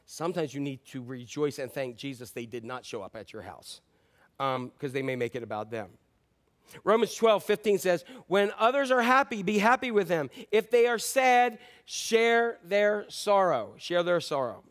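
A middle-aged male pastor preaching a sermon, telling stories in a conversational way and swinging between loud emphasis and quiet asides. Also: fairly high pitch, expressive, moderate pace.

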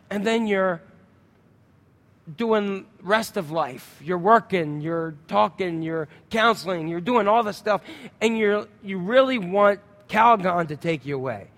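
Animated pastor in a reverberant church. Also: male voice, high-pitched. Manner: animated, acts out sounds and inner thoughts, asks the congregation questions. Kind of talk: sermon with storytelling. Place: church sanctuary.

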